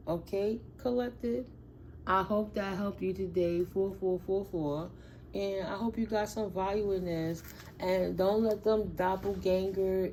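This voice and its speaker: A woman tarot reader who reads slow affirmations in a soft voice and then talks in loud, excited slang to her viewers. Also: medium pitch, a little hiss or hum. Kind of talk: spiritual reading with affirmations.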